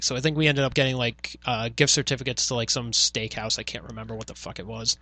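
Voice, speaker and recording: A man's voice: mid-range voice, fairly quick, few pauses, bright, forceful tone, no room sound. A young man hosting a podcast, telling a rambling, profane work story in casual chat. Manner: profane, rambling, many fillers. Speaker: podcast host.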